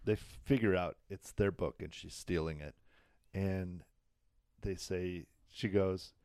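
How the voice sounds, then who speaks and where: A man's voice: low-pitched, mellow, dry recording, studio quality. A man casually recapping a TV episode on a podcast, laughing as he retells the scenes. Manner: retells scenes with quick acted quotes, often laughing. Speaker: podcast co-host.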